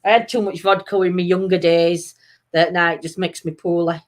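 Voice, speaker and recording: A woman's voice: fairly low pitch, fairly even intonation, normal speed. A woman from Sheffield with a South Yorkshire accent, co-hosting a casual live-stream chat and reading out viewer comments. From Sheffield, England. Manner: giggly, bursts into laughter often; chatty, reads out viewer comments. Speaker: talk show co-host.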